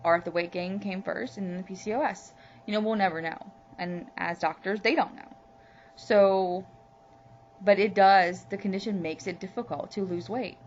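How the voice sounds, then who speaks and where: A woman's voice: medium pitch, fairly even intonation, moderate pace. A woman from Louisiana talking candidly in a personal video diary, heartfelt and rambling with lots of "you know"s. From Louisiana, USA. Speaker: vlogger. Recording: muffled lo-fi recording with faint hum.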